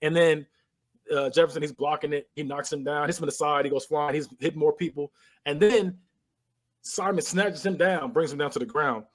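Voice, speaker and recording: In a casual movie recap, a man co-hosting a podcast walks through a film scene by scene, animated, with sound effects and laughs. His voice is on the high side, and he speaks fairly quickly.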